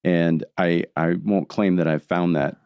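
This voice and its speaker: Deep gravelly-voiced man, reflective guest. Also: fairly even intonation, darkish tone, no room sound. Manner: reflective, explanatory, unhurried. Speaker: podcast guest. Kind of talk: casual podcast conversation.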